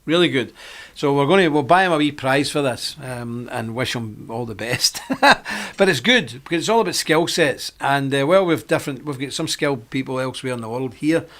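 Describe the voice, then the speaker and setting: A man's voice: mid-range voice, fairly quick, a bit bright. A middle-aged man hosting a live-stream monologue, talking in a rambling, chatty way with frequent laughs. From Britain. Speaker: host.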